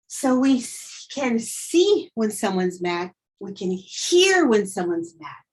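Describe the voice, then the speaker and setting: Woman teacher, husky voice, slow and deliberate, vocabulary lesson, acts out feelings. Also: medium pitch, rough recording. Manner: acts out emotions with dramatic quoted lines.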